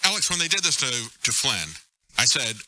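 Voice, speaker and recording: A man appearing as a guest on a political talk show, giving measured commentary. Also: medium pitch, big pitch swings, bright, forceful tone, dry recording, rough recording.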